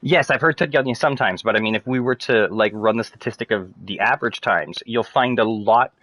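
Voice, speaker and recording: A man ranting casually to viewers, rambling, swearing and turning loud and emphatic. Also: on the low side, brisk, no room sound, rough recording. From Canada. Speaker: streamer.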